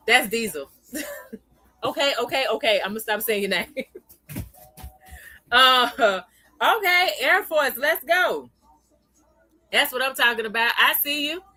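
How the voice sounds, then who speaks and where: Chatty bright-voiced woman livestream host. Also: fairly high pitch, no room sound. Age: adult, parent of a young child. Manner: chatty, laughs often, greets viewers by name. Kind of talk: casual livestream chat.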